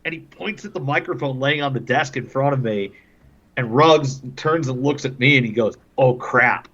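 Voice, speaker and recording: A man's voice: medium pitch, normal speed, fairly bright tone, dull audio. A man, a hockey broadcaster on a podcast, telling casual stories and laughing often as he talks. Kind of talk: casual storytelling.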